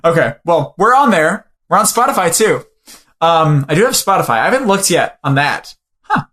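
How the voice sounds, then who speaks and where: A man's voice: fairly high pitch, big pitch swings, moderate pace, a bit bright. A man co-hosting a podcast in casual chat, joking around and stumbling and apologizing as he reads the show's sign-off. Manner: jokey, fumbles and apologizes through the read. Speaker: podcast co-host.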